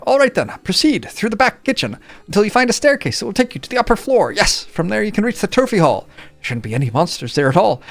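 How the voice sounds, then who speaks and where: A man's voice: high-pitched, a bit bright, pitched above the performer's own voice, full character voice. A man voicing a nervous, startled male servant who talks in a flustered, hesitant way.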